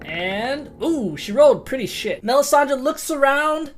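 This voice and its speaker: A woman's voice: sits high, lively intonation, a little slow. A woman narrating a tabletop game as game master, casual and profane, often laughing at the dice rolls.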